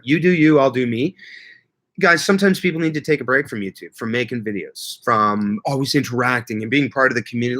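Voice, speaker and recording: A man's voice: medium pitch, a bit bright. A man hosting a casual gardening livestream, rambling and joking as he reads viewer comments aloud. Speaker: livestream host. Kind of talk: casual live chat with viewers.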